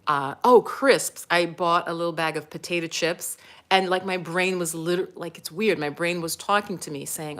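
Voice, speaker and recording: A talkative American woman in middle age hosting a casual livestream as a spiritual coach. Her voice sits a little low, and she laughs easily and slips into whispers for asides. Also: normal speed, fairly bright tone. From United States. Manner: chatty, laughs often, drops to a whisper for asides.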